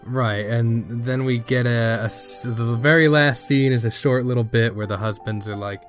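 A man in his thirties recaps a film on a casual podcast at a middle pitch. He jumps up in pitch for emphasis. Faint music runs behind him. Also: normal speed. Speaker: podcast co-host. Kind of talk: casual movie review chat.

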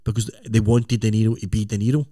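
A man's voice: on the low side, level tone, quick pace, dark tone, no echo, studio quality. A middle-aged man, co-hosting a podcast in casual, rambling chat. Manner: rambling, self-interrupting. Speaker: podcast co-host.

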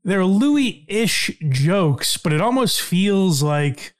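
A man's voice: high-pitched, very animated, slow. A man hosting a podcast in a casual, reflective, conversational way. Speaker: podcast host. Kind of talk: casual chat.

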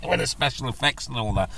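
A man's voice: mid-range voice, lively intonation, moderate pace, creaky, pushed and bright, a little hiss or hum. A man hosting his own solo podcast, ranting in a blunt, crude, joking way with plenty of swearing. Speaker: podcast host. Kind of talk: casual solo podcast rant.

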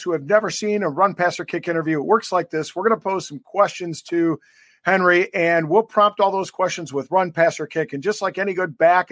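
A man with a high, bright-pitched voice co-hosts a casual sports podcast, chatting freely and stringing thoughts together with lots of fillers. The sound is very dry and close, with no room around it. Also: no room sound. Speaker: podcast co-host. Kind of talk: casual interview banter.

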